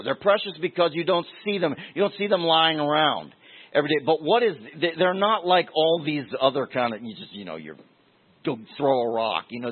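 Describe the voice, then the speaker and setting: Guy preaching a sermon, kinda high voice, repeats his main lines, sounds like over a phone. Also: slightly rough, narrow, tinny audio. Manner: conversational, repeats key phrases for emphasis.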